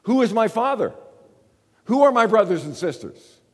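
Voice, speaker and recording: A man voicing Jesus as a calm male teacher, in plain, declaring tones, during a sermon. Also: sits high, normal speed, breathy edge, big-room sound, voice pushed up, exaggerated voice.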